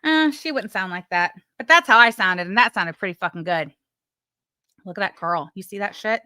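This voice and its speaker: A woman's voice: medium pitch, normal speed, bright, forceful tone, clean tone, no room sound, clean studio sound. A woman hosting a casual live stream, chatting, reading messages aloud with mock drama and swearing freely.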